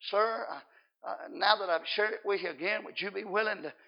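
A man preacher voicing an earnest visiting evangelist who coaxes softly, on a dull lo-fi recording. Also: high voice, normal speed, gravelly. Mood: coaxing.

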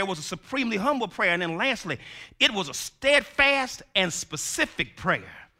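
A male preacher giving a sermon in call-and-response style, swinging from shouts to hushed tones. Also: high-pitched, gravelly.

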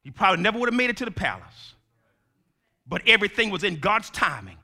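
A male preacher giving a sermon in call-and-response style, swinging from shouts to hushed tones. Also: high-pitched, wildly swooping pitch, fast talker.

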